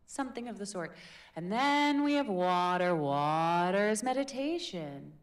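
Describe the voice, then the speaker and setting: A woman coaching public speaking in a live workshop, energetic and playful, demonstrating different voices. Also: medium pitch, measured pace. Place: workshop room with audience.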